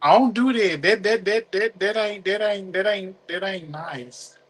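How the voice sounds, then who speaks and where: A man's voice: high voice, measured pace, fairly bright tone. A man in casual group chat who laughs easily and apologizes often.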